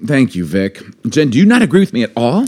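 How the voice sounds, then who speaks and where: Animated man telling a story. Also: medium pitch, fast talker. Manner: animated storyteller, acts out his own reactions. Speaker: podcast co-host. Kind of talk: casual chat. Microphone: podcast studio mic.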